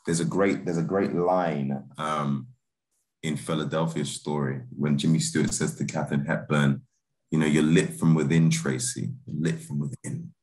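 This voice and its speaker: Deep-voiced relaxed man. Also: moderate pace. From Britain. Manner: laid-back, laughs easily, many restarts and fillers. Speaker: film director and actor, interview guest. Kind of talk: casual interview chat.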